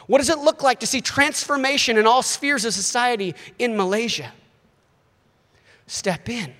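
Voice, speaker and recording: Brief: male preacher in his thirties, high voice, lively delivery, reverberant church hall. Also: brisk. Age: 30s. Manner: animated, acts out quoted voices. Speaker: visiting missionary preacher. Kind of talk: sermon.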